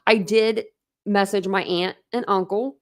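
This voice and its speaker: A woman's voice: medium pitch, fairly even intonation, a little slow. A woman from Ohio hosting a casual livestream chat, talking in a chatty, rambling way with many fillers. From Ohio, USA. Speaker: livestream host.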